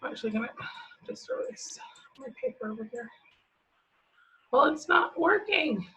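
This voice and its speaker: A woman teaching a remote phonics lesson to young children, stretching out each word slowly as she sounds it. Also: high-pitched, big pitch swings, sharp tone. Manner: slow, drawn-out sounding of words. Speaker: preschool teacher. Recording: slightly dull lo-fi audio.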